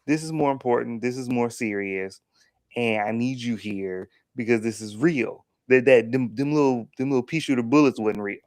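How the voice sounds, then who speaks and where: A man co-hosting a casual TV review discussion, animated and repeating himself as he makes his point. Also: medium pitch, normal speed, no echo, studio quality. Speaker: podcast co-host.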